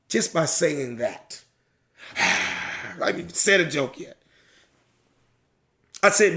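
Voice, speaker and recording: Animated, bright-voiced male comedian. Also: fairly high pitch, moderate pace, pauses often. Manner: animated storyteller, acts out crowd voices, swears freely. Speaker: stand-up comedian, podcast guest. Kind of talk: casual podcast chat, retelling a stand-up bit.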